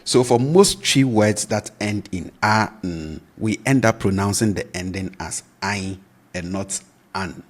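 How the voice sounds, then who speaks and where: A man with a very deep, husky voice teaches a language lesson. He speaks slowly and patiently. He repeats each word to show how it is pronounced and keeps asking "right?" to check the listener is following. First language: Twi. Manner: patient, repeats words slowly for pronunciation, often asks "right?".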